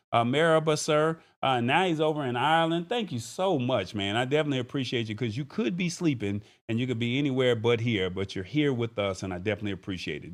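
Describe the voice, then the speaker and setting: A man hosts a live tech show in a casual, chatty way. He talks to his viewers directly, with an easygoing, conversational flow. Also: medium pitch. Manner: relaxed, chatty, thanks viewers by name. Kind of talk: casual livestream chat.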